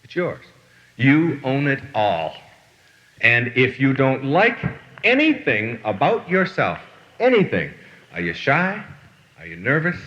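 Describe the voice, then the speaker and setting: A man's voice: medium pitch, huge pitch swings, slow, pauses often, fairly bright tone, in a large hall, dull audio. A man giving a motivational lecture, telling stories and asking the audience rhetorical questions. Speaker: motivational speaker.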